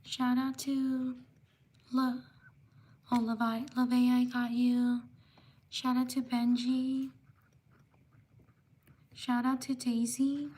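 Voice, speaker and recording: Female livestream host, high and flat delivery, unhurried shout-out reading. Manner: slow, steady listing of names with quick apologies. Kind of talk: live stream shout-outs.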